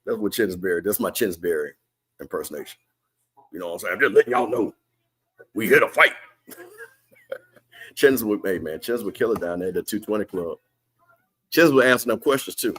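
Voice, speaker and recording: A man's voice: lowish voice, animated, fairly quick, long pauses, fairly bright tone, husky. A man hosting a live game watch party and commentating casually, reading viewer comments and using loose, slangy talk. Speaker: watch party stream host. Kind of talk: live sports commentary chat.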